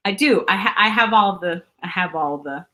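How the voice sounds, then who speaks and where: A woman's voice: on the low side, moderate pace, sharp tone. Bubbly woman guest chatting. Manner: bubbly, lots of "like" and "um" fillers. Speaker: actress guest. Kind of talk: casual chat.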